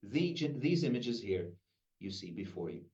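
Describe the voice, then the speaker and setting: A man's voice: on the low side, a little slow. A man teaching a workshop, calling on participants by name and asking them questions, in a room recorded from a distance. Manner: lively, questioning the group by name. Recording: roomy, distant, dull sound.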